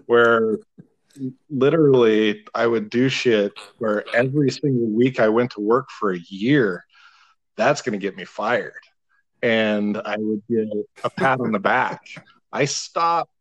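A man in his thirties telling a long, animated, profane story in casual podcast chat, laughing now and then. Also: medium pitch, unhurried, poor audio.

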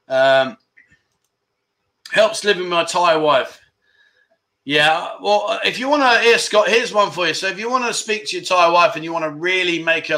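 A man's voice: on the high side, sharp tone. A man hosts a casual livestream, joking and chatting as he reads viewer comments aloud and asks them questions. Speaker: livestream host. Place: home in Thailand.

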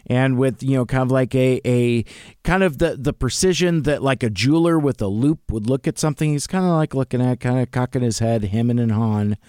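A man's voice: medium pitch, darkish tone, clear, resonant tone, no echo, studio quality. A middle-aged man hosting a podcast, chatting casually and rambling with lots of fillers and restarts. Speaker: podcast host. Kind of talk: casual chat.

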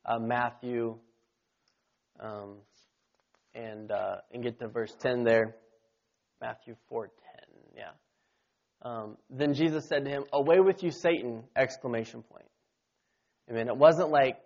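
A man preaching a sermon, punctuating his points with amens and rising to shouts when quoting scripture. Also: medium pitch, lo-fi sound. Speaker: pastor.

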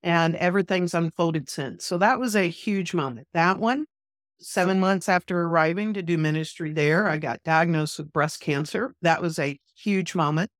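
An earnest woman minister retells a personal story for an interview, voicing the dialogue as she goes. Her voice sits fairly low, and the recording is dry and close with no room sound. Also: moderate pace, dry recording. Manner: animated, vivid retelling that acts out quoted dialogue. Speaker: podcast guest.

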